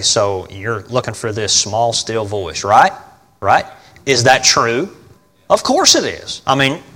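A man preaching a sermon in a folksy, emphatic way, often asking his congregation questions and swinging between loud and quiet delivery. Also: fairly low pitch. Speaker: pastor. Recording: long reverb of a large hall.

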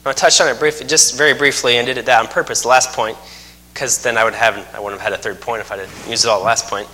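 Male preacher, folksy, emphatic, bright edge. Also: mid-range voice, fairly even intonation, quick pace, slight background noise. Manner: folksy, joking asides, emphatic repetition. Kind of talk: sermon.

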